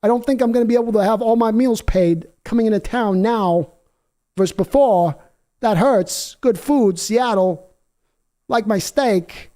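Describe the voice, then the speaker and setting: A man's voice: high voice, a little slow, warm tone, voice pushed up. A man mimicking a whiny pouting quarterback. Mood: sulky. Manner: whiny, wounded, fishing for sympathy. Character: sulky self-pitying male star quarterback.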